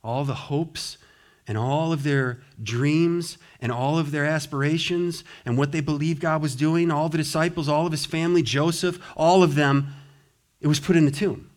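A man preaching a sermon as pastor, swinging between hushed, slow phrases and loud, fervent passages. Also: fairly high pitch, steady tone.

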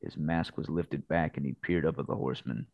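A man co-hosting a podcast, reading a novel aloud in steady narration. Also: extremely low pitch, brisk, creaky, dry recording, dull audio. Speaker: podcast co-host.

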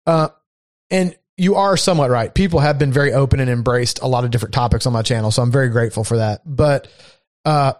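A man's voice: mid-range voice, a little mellow, dry recording. A man from Florida chats loosely about his hobbies, wandering through his thoughts with frequent fillers. His voice sits in an ordinary middle register. The recording is close and dry. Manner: rambling, filler-heavy, laid-back. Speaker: YouTube channel host. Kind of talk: casual chat over whiskey.

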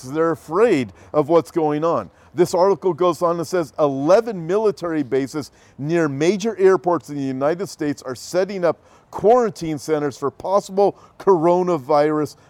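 A man with a slightly higher voice than most, emphatic and earnest, who reads headlines out slowly before commenting on them. The sound is close and dry, with no room around it. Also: a little mellow, dry recording. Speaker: preacher commenting on news. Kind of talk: talk show commentary with scripture.

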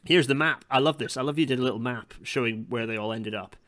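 A man hosting a casual interview, mid-pitched, stopping and restarting his sentences often. He prompts and encourages his guest as he goes. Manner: warmly encouraging, halting with restarts. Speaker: host.

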